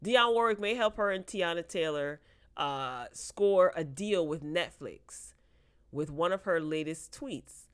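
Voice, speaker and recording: A woman's voice: fairly low pitch, lively intonation, measured pace, smooth. A woman hosting a casual entertainment news chat, reading headlines aloud and breaking in with laughing asides. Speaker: host.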